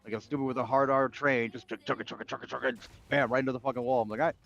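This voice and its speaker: A fast-talking man rants through a story on a livestream, swearing freely in loose casual chat. His voice comes through a dull, lo-fi mic. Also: medium pitch, steady tone, vocal fry, fairly bright tone. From United States. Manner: profane ranting storytelling. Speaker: streamer.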